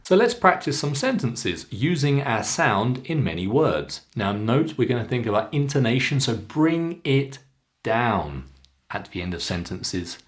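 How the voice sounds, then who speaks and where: A man with a Southern British accent teaching a pronunciation lesson, stretching out clear model words with careful emphasis. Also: medium pitch, sing-song, moderate pace, hardly any pauses. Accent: Southern British English. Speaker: pronunciation coach. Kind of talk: slow, deliberate pronunciation lesson.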